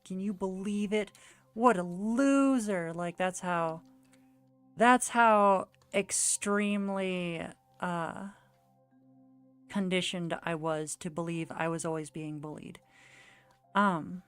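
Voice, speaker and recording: A woman's voice: on the low side, smooth. A young woman streaming while she draws, telling a rambling story in casual chat full of "like" fillers. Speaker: art streamer.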